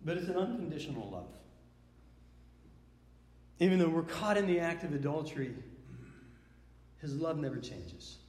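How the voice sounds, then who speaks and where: A man's voice: a little high, sing-song, normal speed, long pauses, a little mellow. A man preaching a sermon in an earnest way, often repeating words as he builds emphasis. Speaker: pastor. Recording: echoey hall with long reverb.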